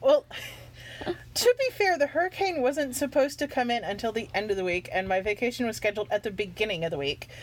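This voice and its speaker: A woman's voice: on the high side, expressive, a little fast, slight background noise, poor audio. Rambling, laughing woman telling stories. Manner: rambling storyteller, laughs often. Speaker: co-host guest. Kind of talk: casual chat while playing a mobile game.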